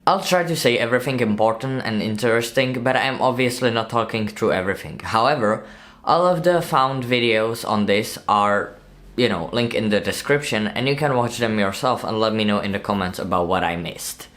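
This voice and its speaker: A man's voice: fairly low pitch, a little fast, fairly bright tone. A man narrating a movie breakdown video in a casual, chatty way, often asking viewers to comment and laughing at his own slips.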